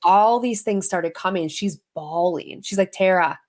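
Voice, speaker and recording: A woman guest on an interview podcast, telling her story in a casual, animated way and acting out the voices she quotes. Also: fairly low pitch, unhurried. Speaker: guest, intuitive healer and medium.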